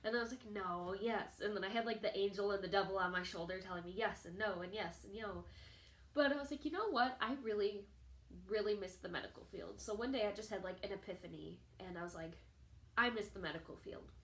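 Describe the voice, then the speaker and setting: A young woman talking straight to her camera, telling a personal story in a chatty, animated way and acting out other people's lines. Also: fast talker. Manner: chatty, animated, acts out quoted people in a higher voice. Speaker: vlogger. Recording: echoey room.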